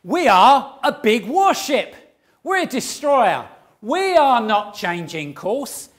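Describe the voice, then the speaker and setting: A man voicing a proud, blustering male warship captain in a sermon story, loud and indignant. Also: extremely high pitch, big pitch swings, slow pace, pitched above the performer's own voice, heavily acted.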